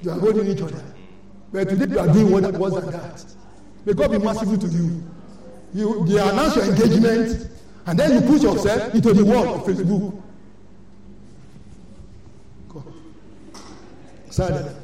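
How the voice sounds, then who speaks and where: A woman's voice: medium pitch, moderate pace, long pauses, mellow. An older woman with a Nigerian accent, a church elder preaching a sermon in an emphatic, repetitive, scolding way. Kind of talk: sermon exhortation. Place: large church hall. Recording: echoey church hall from far off.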